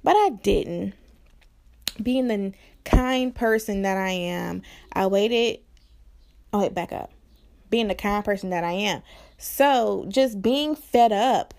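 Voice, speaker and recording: Young woman, vlogger, casual storytime, profane, animated, exasperated. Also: mid-range voice, unhurried, creaky.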